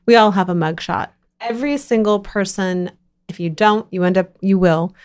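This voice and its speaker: A woman's voice: mid-range voice, moderate pace, a little mellow, smooth. A woman hosting a podcast, chatting in an enthusiastic, effusive way and often repeating herself. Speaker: podcast host. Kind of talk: casual interview chat.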